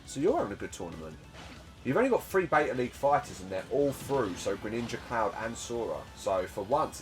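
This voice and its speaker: A man with a lowish voice calls a simulated fighting game tournament in a chatty, excitable way, tossing in joking asides at his own expense. Faint music plays underneath him. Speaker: tournament commentator. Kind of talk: casual game commentary.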